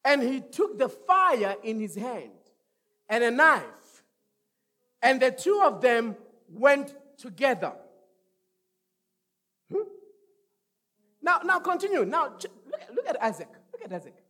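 High-pitched shouting preacher man. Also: very animated, slow, long pauses. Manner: shouting call-and-response preaching, whoops. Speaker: pastor. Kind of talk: energetic sermon.

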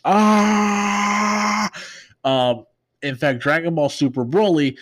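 A young man hosting a casual recap show, talking in a loose, rambling way with many fillers and restarts. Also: mid-range voice. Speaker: podcast host.

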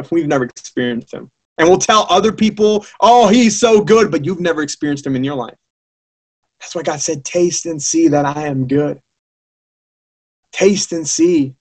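A young adult man preaching a sermon with passion, often restarting his sentences. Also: medium pitch. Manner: impassioned, many restarts.

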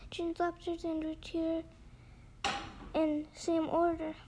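A woman's voice: very high voice, completely flat delivery, slow pace, background noise, exaggerated voice. Gryphon, a bossy, impatient creature, read by a woman. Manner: impatient, interrupting, shouting out. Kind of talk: storybook read-aloud.

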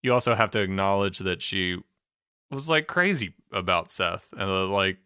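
A man's voice: deep voice, expressive, moderate pace, pushed and bright, clean tone, dry recording, studio quality. A man co-hosting a casual recap chat, laughing often and acting out scenes. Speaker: podcast co-host.

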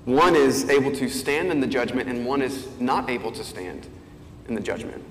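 A man's voice: medium pitch, lively intonation, normal speed, slight background noise. Man preaching in an echoey hall. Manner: conversational, thinking aloud with fillers and restarts. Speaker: pastor. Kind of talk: sermon. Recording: echoey hall, faint ambience.

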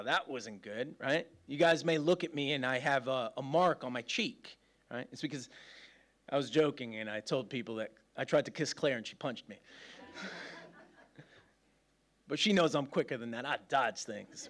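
A man preaching a sermon in a casual, joking, self-deprecating way, laughing often as he talks. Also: fairly high pitch. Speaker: pastor.

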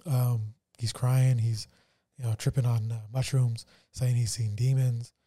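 A man co-hosting a podcast, telling a painful family story in a somber, halting way with many fillers. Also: medium pitch, little pitch movement, mellow. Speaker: podcast co-host. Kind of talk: casual personal testimony.

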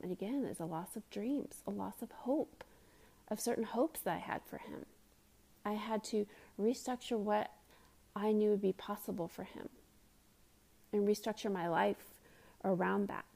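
Earnest mom hosting a self-help podcast. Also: female voice, medium pitch, creaky, dark tone. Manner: earnest, conversational, sometimes dropping to a whisper. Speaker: podcast host; mother.

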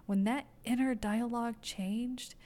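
A woman hosting her own podcast, talking softly and from the heart about her own life, often stopping to restart a phrase. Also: a little high, fairly even intonation. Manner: soft-spoken, heartfelt, halting with repeats. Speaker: podcast host. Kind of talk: personal reflective monologue.

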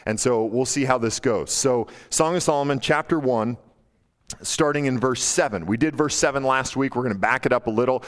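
A male pastor preaching a casual, animated sermon, acting out quotes in a playful, high teasing voice. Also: a little fast. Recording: long hall reverb.

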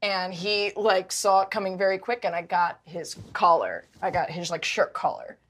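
A woman's voice: lowish voice, normal speed. Name: -. Sex: woman. Style: emotional storytelling, many restarts. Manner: emotional, animated, frequent restarts. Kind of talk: casual personal storytelling.

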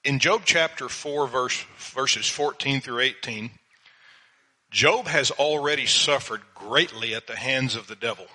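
An older man, a pastor, preaching a sermon in a slow, measured way and reading Bible verses aloud. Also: medium pitch, pushed and bright, husky, rough recording.

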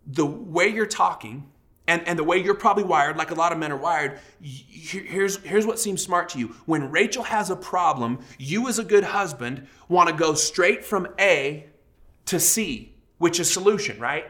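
Bright-voiced man preaching a sermon. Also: fairly high pitch, normal speed. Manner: storytelling, animated, acts out quoted voices. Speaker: pastor.

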